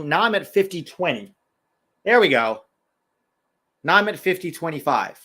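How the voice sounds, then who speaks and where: A man's voice: fairly high pitch, sing-song, normal speed, pauses often, sharp tone, slightly rough. An American man hosting a live football watch-along, chatting casually with viewers and exclaiming at every chance. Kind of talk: live casual match commentary and chat.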